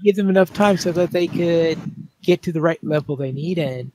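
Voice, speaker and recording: High-voiced chuckling male podcast host. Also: brisk, darkish tone, slight background noise, poor audio. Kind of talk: casual chat and poem reading.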